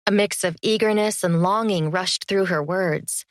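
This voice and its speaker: A woman narrating a first-person fantasy audiobook in an even, measured storytelling manner. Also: lowish voice, no echo, clean studio sound.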